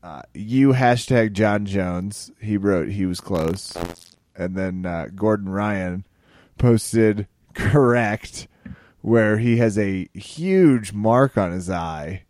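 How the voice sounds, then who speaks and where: Laid-back low-voiced podcast co-host man. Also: slow, a little mellow, dry recording. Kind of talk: casual podcast chat.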